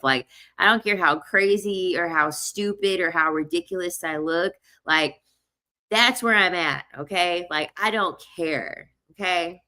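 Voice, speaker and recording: Young woman, bright forceful voice, lowish pitch, animated storytelling vlog, repeats herself. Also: measured pace. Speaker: vlogger. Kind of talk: casual storytelling monologue.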